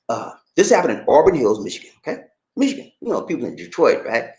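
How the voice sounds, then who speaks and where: Middle-aged man, animated pitch, emphatic casual preaching, roomy echo. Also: fast talker. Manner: emphatic, repetitive, keeps addressing listener as man. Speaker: online commentator.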